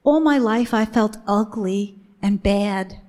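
A woman sharing her personal faith testimony with a women's gathering, earnest and emphatic, slowing down on the key phrases. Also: mid-range voice, a little mellow.

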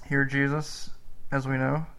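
A man guides listeners through a spoken rosary meditation in a slow, earnest and reflective way. His voice stays very flat in pitch and carries a gravelly fry. He sits at an average pitch for a man. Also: low-quality recording. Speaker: preacher leading a rosary meditation.

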